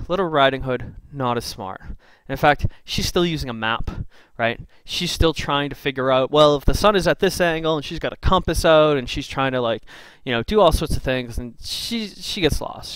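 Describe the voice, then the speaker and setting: A man's voice: medium pitch, a bit bright, smooth, no room sound. Chatty man telling a fairy tale playfully. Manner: chatty and playful, full of asides. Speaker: storyteller. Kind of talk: casual comic retelling of a fairy tale. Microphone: screen recording with a computer mic.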